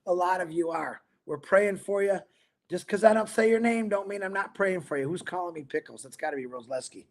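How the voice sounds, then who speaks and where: Very high-voiced man hosting a livestream. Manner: rambling, greets viewers by name, upbeat; talks fast and mumbles. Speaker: livestream host. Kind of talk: casual livestream chat reading viewer comments.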